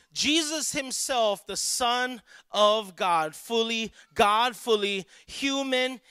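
A man delivers a sermon with a somewhat high-pitched voice. He tells stories with quoted dialogue and then builds to emphatic, raised peaks. The sound is dry, with little room echo. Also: sharp tone, clear, resonant tone. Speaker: pastor.

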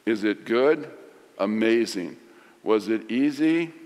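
A middle-aged man preaching a sermon, swinging from loud emphasis to hushed lines. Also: lowish voice, expressive, slow pace. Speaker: pastor. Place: large church sanctuary. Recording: long hall reverb.

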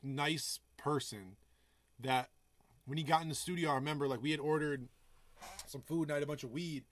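A man producer chatting casually on a live stream, telling loose stories full of swearing and giving hyped shout-outs to viewers. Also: on the high side, moderate pace, no room sound. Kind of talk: casual livestream chat. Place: home music studio.

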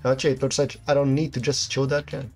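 A man talks through a game playthrough in an easygoing way, reading the on-screen story text aloud and reacting to each turn of combat. His voice sits at an ordinary middle pitch. Faint game music plays behind him. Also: little pitch movement, quick pace, a little mellow. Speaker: gameplay commentator.

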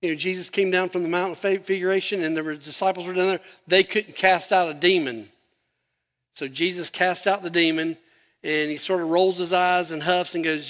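Male pastor mid-sermon, lively scripture delivery, bright and ringing tone. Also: sits high, moderate pace, big-room sound. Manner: animated preaching, acting out Bible quotes with rising, emphatic voice.

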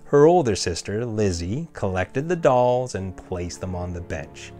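A low-voiced man narrating a scripted spooky tale, measured and deliberate. Faint music plays quietly under his reading. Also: very animated. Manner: measured storytelling with character voices. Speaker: storyteller.

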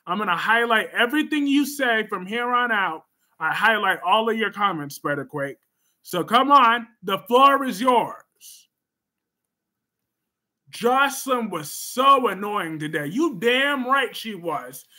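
A man hosting a casual livestream, reading viewer comments in a sassy, emphatic way with sudden loud bursts. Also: sits high, animated, a little slow.

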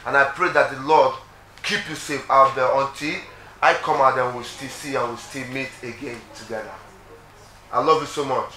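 A man offers a heartfelt video tribute to a departed friend on a reality show, speaking with affection and earnestness. His medium-pitched voice holds a steady, sharp tone at a moderate pace. The recording sounds echoey, with faint noise in the room.

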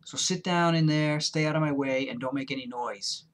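A man's voice: mid-range voice, expressive, a little fast, natural voice. A man reading aloud and voicing a hostile, curt woman who wheezes, with a blunt, threatening manner.

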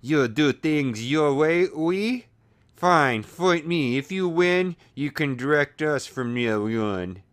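A man voicing a female French swordswoman from a game, in a slow, stagey, clumsy put-on French accent. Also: fairly high pitch, animated, voice pushed up. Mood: taunting.

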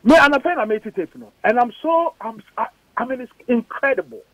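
A man's voice: very high voice, animated, a little fast, no room sound. A man with a Ghanaian accent, a politician on a radio interview, firing off emphatic, indignant rhetorical questions. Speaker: politician guest. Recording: dull lo-fi radio audio.

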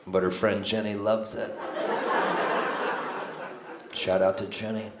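A man doing a stand-up set in a comedy club, mock-earnest and deadpan. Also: fairly low pitch, slow pace, very noisy. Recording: roomy club with laughing crowd.

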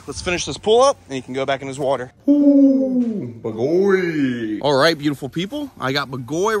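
Excitable man cooing at animals. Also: a little high. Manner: excitable, coos baby talk to animals. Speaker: wildlife keeper and vlog host. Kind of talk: casual vlog narration while working with animals.

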